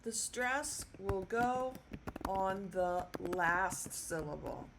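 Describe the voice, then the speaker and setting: Slow, patient woman teaching. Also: medium pitch, animated, background noise. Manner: patient, repeats words slowly for learners. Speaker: Spanish teacher. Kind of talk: casual video lesson.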